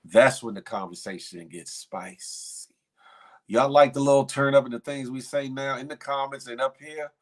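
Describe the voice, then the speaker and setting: Speaking at normal speed in a medium-pitched voice, a man hosting a live morning show keeps things casual, reading viewer comments, trading playful banter, laughing frequently and using slangy speech.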